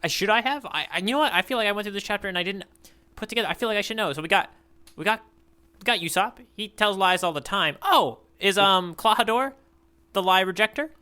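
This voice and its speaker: Guy on a podcast wondering out loud, super quick, high, clean smooth voice. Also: lively intonation. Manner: quick, questioning, thinks aloud. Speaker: podcast co-host reacting to a recap. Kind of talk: casual podcast chat.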